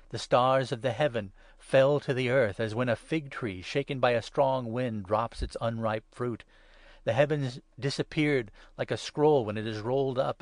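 A man giving a solemn, measured Bible reading that swells louder on the proclaimed passages. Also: medium pitch, dry recording. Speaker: scripture reader.

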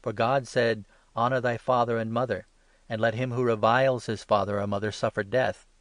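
A man voicing Jesus as a calm, commanding male teacher in a scripture reading, speaking in an earnest, rebuking way. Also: medium pitch, fairly quick, dry recording, natural voice. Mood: solemn.

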